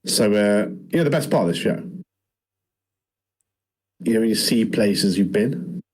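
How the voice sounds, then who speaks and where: Podcast co-host, chatty, low dark husky voice. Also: male voice, lively intonation, unhurried, poor audio. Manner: chatty, says "mate" constantly. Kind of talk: casual chat recapping a show.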